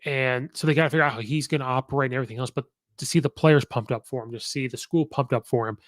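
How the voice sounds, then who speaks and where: A man's voice: medium pitch, fast, fairly bright tone, dry recording, studio quality. A man hosting a podcast, giving casual, opinionated sports commentary and rattling off records with many fillers. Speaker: podcast host.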